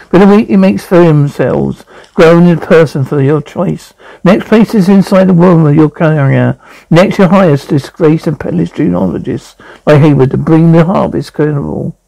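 A man's voice: fairly high pitch, creaky, mellow, no room sound, rough recording. An actor playing a male scientist who explains technical matters in a matter-of-fact way, in a television drama.

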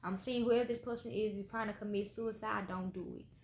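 A woman with a medium-pitched, steady voice talks fairly quickly with hardly any pauses as she gives viewers a casual tarot reading. She's blunt and swears a lot, trailing off with repeated "okay?" tags. The room sounds echoey, with faint noise in the background.

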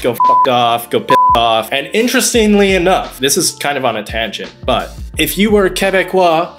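A man whose first language is English, hosting a joking comedy explainer in a playful, mock-dramatic way. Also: fairly high pitch. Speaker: YouTube host.

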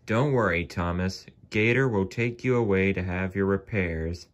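A man voicing a brisk male toy engine who reassures a sick friend in a hurried, bossy way. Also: low-pitched, natural voice. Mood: reassuring.

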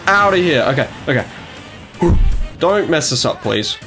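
A young man commentating his own video game matches, excitable and quick to yelp, gasp and trash-talk. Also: on the high side, faint music behind. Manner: excitable, yelps and gasps at plays, trash talk. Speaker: gaming YouTuber. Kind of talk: gameplay commentary.

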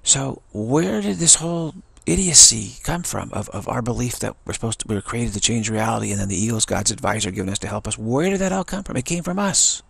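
A man's voice: medium pitch, expressive, a little fast, creaky, few pauses, a bit bright, breathy edge, no room sound. A man giving an earnest spiritual talk, telling a story and repeating phrases for emphasis. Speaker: spiritual teacher.

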